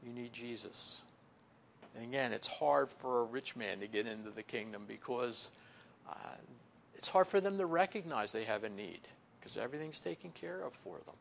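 A man preaching a conversational sermon, leaning on "you know" and stretching key words slowly before dropping to a soft, low close. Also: lively intonation, gravelly, slight background noise. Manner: folksy, fills pauses with "you know". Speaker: pastor or Bible teacher.

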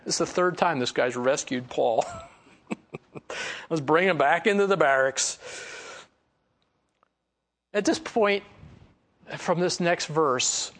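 Middle-aged male pastor, slightly high, gravelly voice, relaxed verse-by-verse Bible teaching with chatty asides. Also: normal speed, pauses often. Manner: conversational, reads scripture then explains it with chuckles and asides.

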